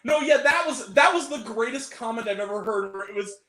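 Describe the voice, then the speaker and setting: Young guy riffing on movies live, high voice that bounces all over, laughs a lot, roomy echo. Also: a little fast. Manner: animated, laughs often, puts on goofy quote voices. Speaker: movie review co-host. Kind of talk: casual live-stream chat. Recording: echoey room.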